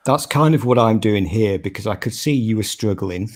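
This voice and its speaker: A man's voice: fairly low pitch, animated, normal speed, darkish tone. A British man from Britain joking around with friends on a live stream in a teasing, mock-stern way. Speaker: regular co-host. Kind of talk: casual live stream banter.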